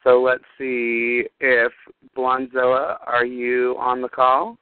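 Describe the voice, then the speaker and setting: A man hosting a call-in show, brisk and upbeat, relaying listener messages. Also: medium pitch, steady tone, clear, resonant tone, dry recording. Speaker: show host. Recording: tinny phone line.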